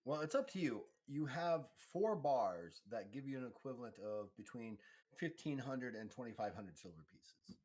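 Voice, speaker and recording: A man running a tabletop role-playing game, describing the scene in a loose, rambling way full of fillers. His voice sits at an ordinary middle pitch. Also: expressive, moderate pace, darkish tone. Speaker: game master.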